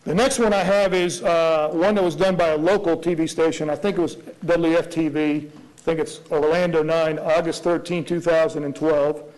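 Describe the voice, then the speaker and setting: A prosecutor arguing a motion before a judge, earnest, with many rhetorical questions and restarts. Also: male voice, on the high side, fairly even intonation, normal speed, darkish tone, rough recording. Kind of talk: courtroom argument.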